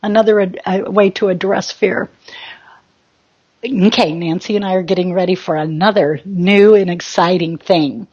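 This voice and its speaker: A woman's voice: on the low side, steady tone, moderate pace, a little mellow, slightly rough, dull audio. A woman hosting a spiritual talk show, chatting in a rambling, self-mocking and giggly way.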